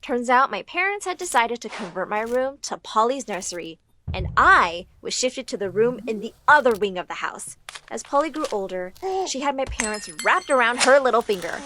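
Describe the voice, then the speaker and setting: A young woman narrating a first-person storytime in a dramatic, expressive way. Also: on the high side, normal speed, a little hiss or hum.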